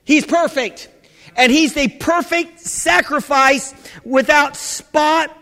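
High-voiced preaching man, fervent and shouting. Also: slow. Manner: fervent preaching, rising into shouts, many restarts and fillers. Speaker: pastor. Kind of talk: sermon. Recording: church hall with long reverb.

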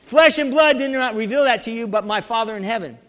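Male preacher, very high voice, fervent and call-and-response, long hall reverb. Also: brisk, a bit bright. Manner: fervent, calls out to the congregation. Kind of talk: sermon.

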